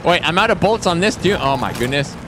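A man's voice: a little high, animated, quick pace. A man playing a video game, joking and thinking aloud in casual let's-play commentary. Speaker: gaming streamer. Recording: game sounds and noise behind.

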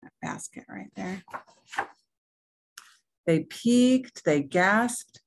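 A woman reading a picture book aloud to children, gently explaining words as she goes. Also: medium pitch, lively intonation, extremely slow, vocal fry. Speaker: story reader for children at church.

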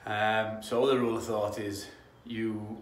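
A man's voice: lowish voice, little pitch movement, measured pace, reverberant. A man from Yorkshire with a Yorkshire accent, a damp-proofing tradesman talking casually on site, rambling, restarting phrases and drifting off on tangents. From Yorkshire, England.

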